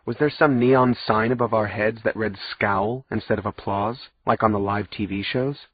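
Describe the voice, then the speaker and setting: A male audiobook narrator telling a first-person story with a wry, sardonic edge. His voice sits at a middling pitch and has a husky grain. The audio is dry and slightly muffled. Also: steady tone, moderate pace, no room sound.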